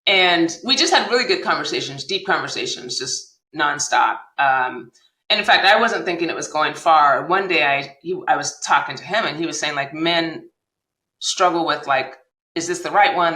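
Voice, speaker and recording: A woman telling her personal story as a podcast guest, animated and acting out the dialogue she recalls. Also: deep voice, moderate pace, reverberant, low-quality recording. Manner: animated retelling, acts out quoted dialogue.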